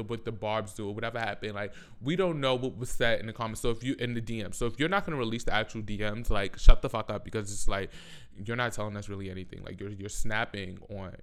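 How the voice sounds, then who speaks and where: A man ranting in a casual, sassy, profane and animated way, full of slang, in the manner of a podcast host. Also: medium pitch, smooth. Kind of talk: casual rant.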